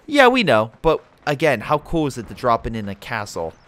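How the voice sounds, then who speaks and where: A man's voice: medium pitch, wildly swooping pitch, a little fast, fairly bright tone. A man doing a cocky soldier squad. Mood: smug.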